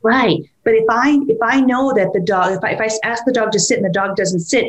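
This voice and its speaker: A woman and dog trainer talking casually, lively, who keeps acting out what a dog or its owner would say. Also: a little high, a little fast, dull audio. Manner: animated, acts out dog and owner voices. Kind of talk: conversational podcast talk.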